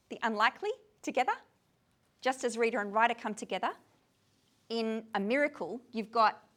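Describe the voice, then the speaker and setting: Woman speaker, fairly high voice, tired but lively with a group audience. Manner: animated, asks the audience many questions. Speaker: speaker leading a poetry discussion. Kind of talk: informal lecture to a group. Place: room with a gathered audience.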